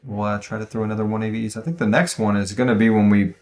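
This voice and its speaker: A man's voice: on the low side, little pitch movement, fast talker, a little mellow. A man hosting a podcast in a casual chat, reading listener reviews aloud in a rambling, laid-back way and often stumbling over words.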